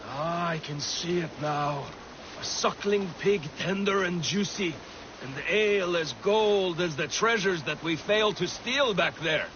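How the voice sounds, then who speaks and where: An actor playing a blunt, eager Viking warrior with a hearty, boisterous way of talking. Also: male voice, high voice, a little slow. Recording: muffled game audio with water noise.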